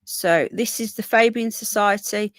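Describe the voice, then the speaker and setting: A woman's voice: medium pitch, a little slow, dry recording. A woman hosting a casual live stream, tired and yawning, chatting to her viewers and breaking off to talk to her pets. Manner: chatty, talks to viewers and pets in between points. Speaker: livestream host. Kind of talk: casual live-stream chat, reading comments.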